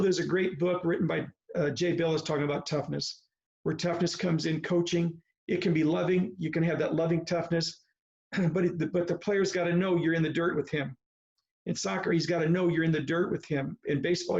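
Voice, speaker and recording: A man in his seventies, a retired baseball coach, telling folksy stories in a slow, deliberate way on a video call. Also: on the high side, gravelly, a little mellow. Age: 70s. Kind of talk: reflective talk on a video call. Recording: slightly muffled video call audio.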